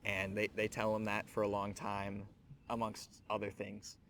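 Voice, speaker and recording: A man's voice: lowish voice, monotone, a little slow, fairly bright tone, slight background noise. A man hosting a scripture teaching show, speaking earnestly and reflectively, addressing the listener directly. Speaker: host of a Bible teaching show.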